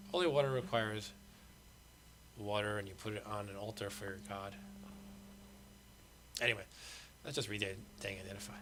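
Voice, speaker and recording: A man's voice: fairly low pitch, noisy background. A middle-aged man hosting a game stream, patiently explaining the rules in casual commentary.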